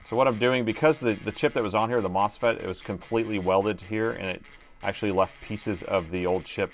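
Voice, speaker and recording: A middle-aged man streams live from his indoor repair workbench, offering casual commentary, thinking out loud, and muttering to himself. His voice sits on the low side, with fairly even intonation and a slightly fast pace.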